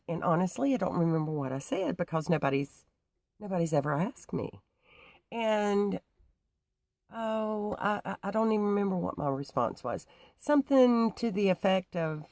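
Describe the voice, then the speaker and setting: A woman telling a personal story to her viewers, halting with many restarts and fillers. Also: mid-range voice, a little mellow, no room sound. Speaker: YouTuber.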